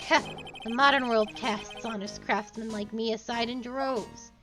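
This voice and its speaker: A woman's voice: fairly high pitch, steady tone, unhurried, music in the background, lightly acted, poor audio. A woman voicing an angry, cranky old man who barks and rants indignantly. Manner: gruff, barking, indignant.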